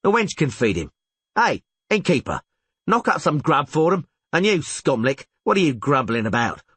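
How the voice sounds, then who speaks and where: Man doing a loud, bullying brute. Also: fairly high pitch, big pitch swings, moderate pace, slightly rough, no echo, pitched above the performer's own voice, exaggerated voice. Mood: boisterous. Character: loud boisterous male brute, coarse and domineering.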